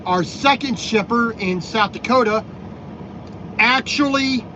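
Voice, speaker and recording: A man's voice: very high-pitched, slow. A man from Minnesota vlogging from his truck cab, making wry, grumbling remarks about other drivers and his loads. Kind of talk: casual vlog commentary while driving. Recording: dull lo-fi sound with loud road noise.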